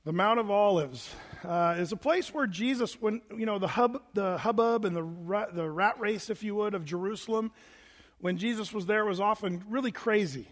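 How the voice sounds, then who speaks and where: A man's voice: high-pitched, normal speed, long reverb tail. A man preaching a sermon in a chatty, rambling way, full of fillers and restarts. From United States. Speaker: pastor.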